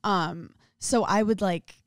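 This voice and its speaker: A woman's voice: medium pitch, slow pace, no room sound, clean studio sound. A young woman from Brooklyn, a comedian and podcast guest, chatting candidly and joking. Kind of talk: casual chat.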